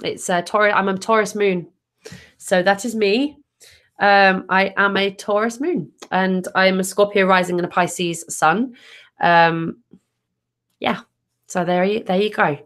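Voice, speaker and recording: A woman's voice: mid-range voice, fairly even intonation, measured pace, fairly bright tone. A woman tarot reader hosting a casual live stream, upbeat and chatty, restarting sentences as she answers viewer comments.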